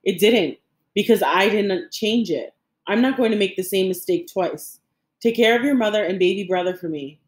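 A woman's voice: mid-range voice, moderate pace, echoey room, natural voice. A woman reading an audiobook voices an old Cuban grandfather who is haunted by guilt, speaking earnestly and with grief. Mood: calm, resolved. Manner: earnest, pleading, grief-stricken.

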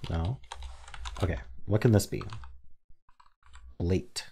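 A man's voice: low-pitched, takes it slowly, warm tone, husky. A young man casually thinking aloud while playing word puzzles, muttering guesses and mock-dramatically groaning at his mistakes. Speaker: word game streamer.

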